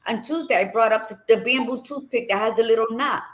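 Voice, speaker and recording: A woman's voice: a little high, fairly quick, fairly bright tone. A woman co-hosting a casual motivational chat, talking bluntly and with a preachy edge. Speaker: co-host.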